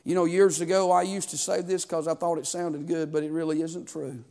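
A man's voice: on the high side, flat delivery, fairly quick, gravelly, a little mellow. A man, preaching a sermon as pastor, building fervor and asking the congregation questions. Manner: preaching with rising fervor and call-and-response questions.

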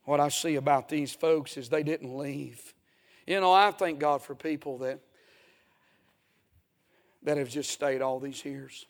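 A man's voice: on the high side, measured pace, long pauses. A man preaching a folksy, emphatic sermon as a pastor in a church.

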